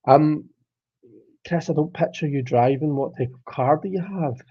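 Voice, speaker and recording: A man's voice: fairly high pitch, moderate pace, warm tone, no echo. Chatty man in his thirties, dull lo-fi audio. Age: 30s. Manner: chatty, rambling, reads viewer comments aloud. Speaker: tarot live-stream host. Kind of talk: casual live-stream chat.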